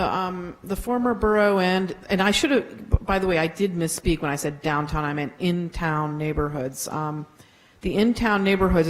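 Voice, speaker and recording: A council member answering residents in a meeting, halting and restarting often with many fillers. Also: medium pitch, rough recording.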